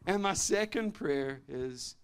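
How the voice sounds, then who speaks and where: A man preaching a sermon as pastor, animated, swinging between loud exclamations and soft confiding tones, often laughing between phrases. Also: fairly high pitch, slow pace, clear, resonant tone.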